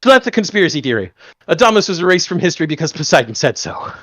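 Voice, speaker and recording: A man's voice: on the high side, sing-song, rapid-fire, fairly bright tone. Chatty man recapping anime scenes. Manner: recounts scenes at length, with fillers and self-corrections. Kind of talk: casual podcast chat about anime.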